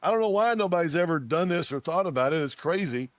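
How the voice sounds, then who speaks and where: Animated man telling a business story. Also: on the high side, fast talker, no room sound. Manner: animated storyteller, repeats phrases, acts out quoted dialogue. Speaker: oil and gas company founder, guest. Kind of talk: interview answers, storytelling.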